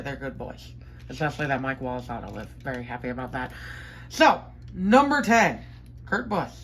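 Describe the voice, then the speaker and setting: A woman vlogging casually from her bedroom, chatty and enthusiastic, rambling with fillers and quick self-corrections as she unboxes collectibles. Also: deep voice, fairly bright tone, slight background noise, poor audio.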